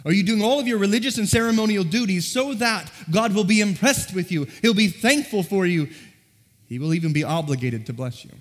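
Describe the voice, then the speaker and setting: A pastor delivers his sermon, pressing the congregation with one rhetorical question after another in an earnest tone. His voice sits a little high for a man. The sound rings out with the long reverb of a large church hall. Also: a little fast. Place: church sanctuary.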